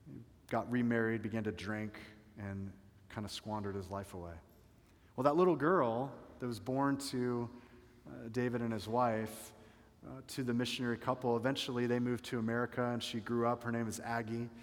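A man's voice: mid-range voice, steady tone, moderate pace, in a large hall. A male pastor preaching a sermon, telling a story dramatically and swelling and dropping his volume for emphasis.

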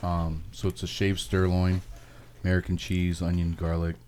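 A man's voice: sits low, normal speed, a little hiss or hum. A man, the chef guest, talking casually and joking about his cooking on a podcast. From Puerto Rican family. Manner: relaxed, joking, talks with mouth full.

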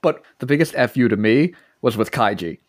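Lively-pitched man in casual chat. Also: fairly quick, no room sound, clean studio sound. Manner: laughs often, chimes in with quips. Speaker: podcast co-host.

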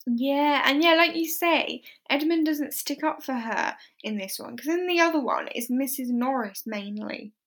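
A woman's voice: high voice, fairly bright tone. A woman co-hosting a casual chat show, talking easily and laughing often. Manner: chatty, laughs easily, acts out lines in quick asides. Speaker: podcast co-host.

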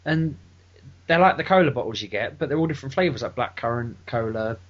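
A man co-hosting a podcast, telling stories in a casual, animated way and swearing freely. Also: mid-range voice, quick pace. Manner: animated, swearing, laughing through his stories. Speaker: podcast co-host. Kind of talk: casual storytelling chat. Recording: dull lo-fi podcast recording.

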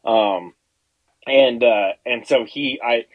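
A man on a podcast telling a rambling, profane story in casual chat, animated and acting out the quotes. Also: medium pitch, slow pace, no room sound, narrow, tinny audio. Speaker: podcast guest.

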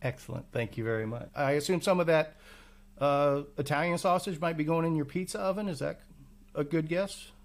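A man hosting a podcast over a remote call, asking questions in a casual, halting way with restarts. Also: fairly high pitch. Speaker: podcast host. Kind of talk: casual chat.

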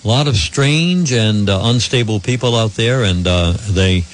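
A man's voice: lowish voice, measured pace, a little hiss or hum. A man hosting a call-in radio talk show, chatting and joking with lots of fillers.

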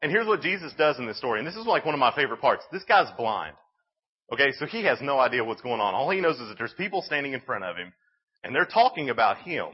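A man giving a youth sermon, telling the story in an animated, casual way with lots of "like"s. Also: mid-range voice, fast, husky, muffled recording. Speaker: youth speaker.

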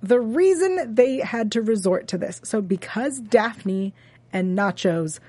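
A woman co-hosting a TV after-show, recapping an episode in casual chat and talking in halting bursts full of fillers and restarts. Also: medium pitch, lively intonation, warm tone, breathy edge, dry recording.

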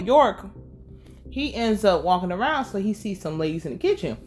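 A woman casually recapping a TV episode, animated and profane, laughing as she tells it. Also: mid-range voice, moderate pace, soft background music. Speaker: show recap vlogger.

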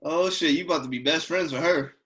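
A man's voice: fairly high pitch, fast talker, fairly bright tone, slightly rough. A man, a teacher and podcast co-host, chatting casually, teasing and reacting with lots of laughter. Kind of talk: casual chat.

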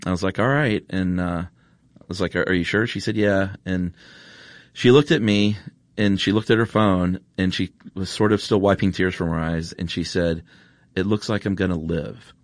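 A man hosts a podcast, telling a story in an earnest, chatty way full of ums and uhs. His voice sits low, and it is recorded dry in a studio with no room echo. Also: normal speed. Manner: earnest, emotional, chatty with many fillers. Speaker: podcast host. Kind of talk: casual storytelling intro.

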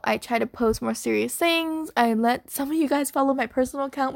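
Chatty young woman podcasting, high and gravelly. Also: dry recording, clean studio sound. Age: young adult. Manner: scatterbrained, chatty and apologetic. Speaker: podcast host. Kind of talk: casual unedited podcast chat.

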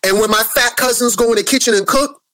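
A man's voice: very high-pitched, fast, bright, forceful tone. A man ranting on a live social media video, preachy and rambling, who keeps calling his viewers family.

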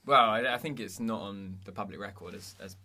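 Young male co-host, somewhat low, bright tone, dry understated humour. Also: a little fast. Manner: dry, deadpan jokes. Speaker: podcast co-host. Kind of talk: casual comedic chat.

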